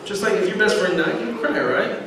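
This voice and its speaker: A man teaching a lively Bible lesson to a room of children, repeating himself and calling them to order. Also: sits high, fairly quick. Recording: echoey room, far from mic, noisy.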